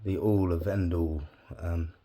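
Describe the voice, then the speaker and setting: A man's voice: low-pitched, fairly even intonation, a little slow, warm tone, a little hiss or hum. A man chatting casually to the camera while wiring a bonsai, swearing often and talking to himself. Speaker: bonsai hobbyist vlogger. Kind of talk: casual chat while working.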